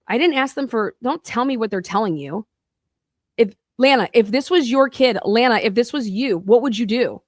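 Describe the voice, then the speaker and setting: A woman's voice: a little high, animated, normal speed, dry recording, studio quality. A woman podcast host delivering a heated, profane rant in an angry monologue.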